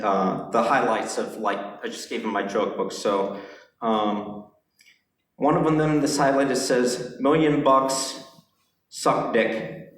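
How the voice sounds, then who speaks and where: A young man doing a rambling stand-up set on a club stage, halting often with fillers and giggles. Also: medium pitch. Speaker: stand-up comedian. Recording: echoey club room.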